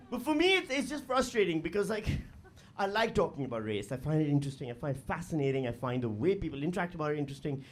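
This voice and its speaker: A man doing stand-up comedy into a handheld stage mic, his voice pitched high for a man. He swings up and down with lively, animated delivery and breaks into loud mocking voices. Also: quick pace, long pauses, a little hiss or hum. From Pakistan. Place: live comedy venue with audience.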